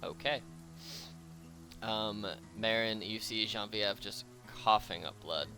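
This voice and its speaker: A man narrating a tabletop game as its game master, in a loose, casual way full of fillers. His voice is bright and a little low, and soft music plays behind him. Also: slow pace.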